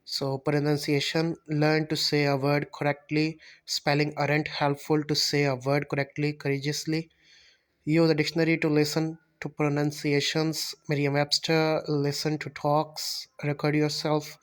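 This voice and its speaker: A man teaching a spoken English lecture over slides, halting and often correcting himself as he explains. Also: on the high side, completely flat delivery. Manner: halting, self-correcting, repeats words while explaining.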